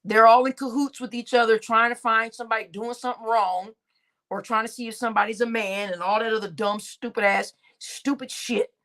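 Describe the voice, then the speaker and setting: A woman hosts her own live stream in a loose, slangy rant. Her voice sits a little on the high side, and she talks bluntly and swears freely while she scolds people. She breaks up her remarks with laughs. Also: steady tone, a little fast, a bit bright.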